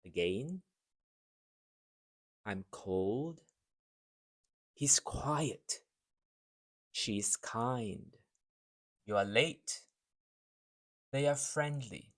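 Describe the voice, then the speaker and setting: A male English teacher runs a simple speaking drill, setting out each short sentence on its own. He talks at an extremely unhurried pace, leaving room for the listener to repeat after him. The delivery is deliberate and clearly spaced throughout. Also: mid-range voice, animated.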